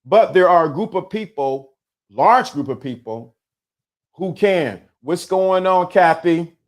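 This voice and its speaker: A man's voice: high-pitched, animated, takes it slowly. A middle-aged man hosting a live-streamed talk, speaking with emphatic repetition and a preacher-like cadence. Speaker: host.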